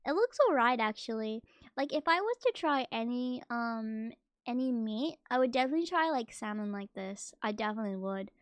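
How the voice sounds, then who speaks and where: A woman streamer chatting casually while reacting to a video, playful, her voice jumping much higher when excited. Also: brisk, no room sound.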